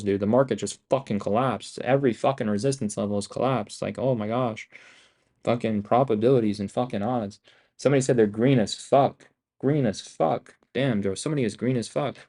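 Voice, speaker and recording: A young man streaming his day trading live, talking in a profane, excitable, rambling way and repeating himself. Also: mid-range voice.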